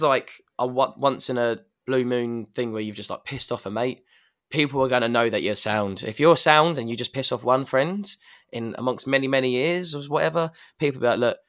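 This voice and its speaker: A man's voice: medium pitch, fairly bright tone. A man on a podcast, talking candidly in a rambling, self-correcting way. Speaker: podcast guest. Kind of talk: casual chat.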